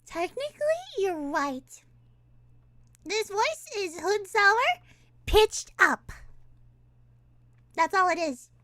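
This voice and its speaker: A woman's voice: extremely high pitch, animated, drawn-out words, long pauses, sharp tone, no room sound. A woman streamer in casual live-stream chat, rambling and giggling, often restarting her sentences.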